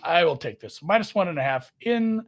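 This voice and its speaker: A man's voice: lively intonation, fairly quick. A man hosting a casual sports betting chat, rambling and poking fun at himself. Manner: rambling, self-mocking, jumps in pitch. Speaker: sports betting podcast host.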